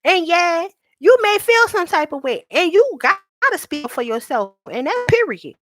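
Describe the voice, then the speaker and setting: A woman giving a live tarot reading to viewers, speaking candidly and reassuringly, reading card meanings slowly and calling people sweetheart. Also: extremely high pitch, sing-song, a bit bright.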